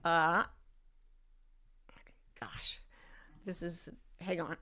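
Bright-toned woman giving gentle advice. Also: lively intonation. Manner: gentle, deliberately slows and lowers her voice for serious points. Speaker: podcast host answering listener questions. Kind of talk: warm advice talk to an audience.

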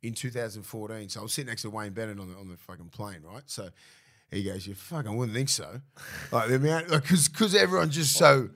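An Australian man in his thirties, a former rugby league player, tells stories in casual podcast chat, swearing freely. His voice is fairly low and he talks fast, animating his stories with mimicked voices.

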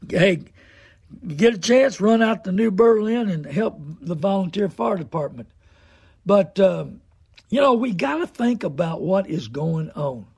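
A man's voice: high voice, creaky, a little mellow, slightly rough, no echo, studio quality. An older man, talking as a radio host in a folksy, preachy monologue that repeats phrases for emphasis. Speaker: radio host and car dealer.

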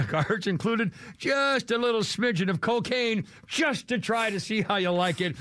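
A man's voice: a bit bright, dry recording. A male radio host telling stories in casual banter, rambling and chuckling as he goes. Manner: rambling, chuckling, wide swings of pitch.

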